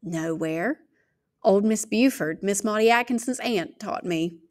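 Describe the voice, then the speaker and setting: A woman's voice: medium pitch, measured pace, close to an everyday voice. Woman voicing a patient older housekeeper. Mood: plain. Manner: calm, plainspoken.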